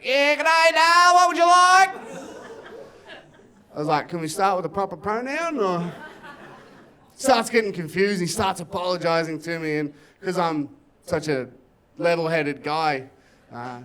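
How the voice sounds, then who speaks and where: A man telling a stand-up story, brash and quick with shouted punchlines. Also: a little high. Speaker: stand-up comedian. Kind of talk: stand-up set.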